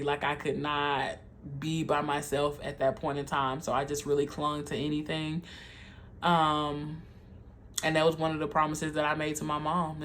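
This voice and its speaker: A young adult video creator candidly telling a personal story, heartfelt and halting, speaking straight to viewers as y'all. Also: mid-range voice, a bit bright, slight background noise. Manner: halting, with frequent um and like.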